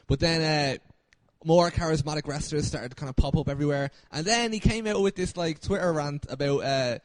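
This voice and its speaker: A man's voice: a little high, no room sound. Male co-host, lightish voice, laid-back and self-effacing. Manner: easygoing, modest, halting with fillers. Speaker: podcast co-host. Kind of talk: casual chat.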